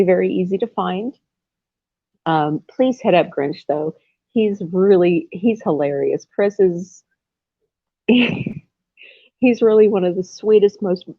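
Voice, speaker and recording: A woman's voice: lowish voice, no echo. Woman, casual livestream host, rambling, effusive, laughs a lot, tinny phone-like sound. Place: at home.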